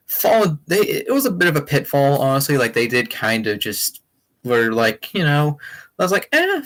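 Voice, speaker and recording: A man's voice: on the low side, a bit bright. A young man hosting a casual livestream, rambling enthusiastically with many fillers and restarts. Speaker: livestream host.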